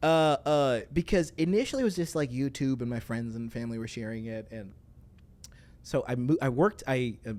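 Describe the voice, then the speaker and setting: A man's voice: medium pitch, normal speed. A young man from Tanzania, a guest comedian telling stories in a casual interview and acting out the voices he quotes. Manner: animated storyteller, acts out quoted voices, laughs often.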